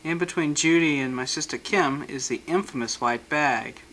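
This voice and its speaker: A man's voice: a little high, normal speed, a bit bright, rough recording. A man narrating his family vacation photos, with dry, joking asides. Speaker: home video narrator.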